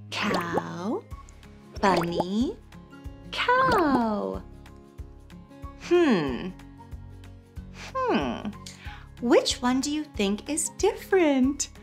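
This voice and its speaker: A young woman hosting a toddler learning show, speaking in an exaggerated sing-song way, making animal noises and spelling words out slowly. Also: sits high. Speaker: children's show host.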